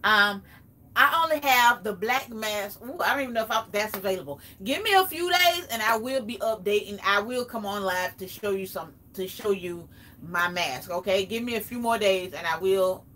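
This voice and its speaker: A woman's voice: mid-range voice, normal speed, sharp tone, a little hiss or hum. A woman with a Southern US accent chatting casually on a home live stream, drawling and talking straight to her viewers while she reads out their names. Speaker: live-stream host and small seller. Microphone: phone or camera set back from her.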